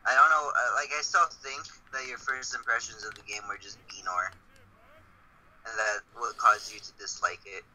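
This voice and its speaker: A man's voice: on the low side, steady tone, moderate pace, sharp tone, low-quality recording. A man chatting casually about games with friends, rambling with many fillers, faint noise behind him. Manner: rambling, lots of "like". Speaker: friend on voice chat. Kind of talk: casual gaming chat.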